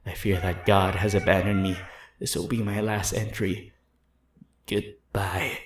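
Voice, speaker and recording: A man voicing a terrified monk reading out his last journal entry in a slow, solemn, fearful way. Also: sits low, little pitch movement, echoey room, pitched above the performer's own voice. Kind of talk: dramatic story reading.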